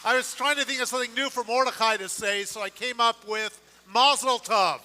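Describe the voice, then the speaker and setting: Very high, bright-voiced man leading a crowd. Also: fairly quick, long reverb tail, slight background noise. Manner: energetic, joking, rallying the crowd. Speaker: service leader. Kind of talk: leading a congregation. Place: synagogue sanctuary.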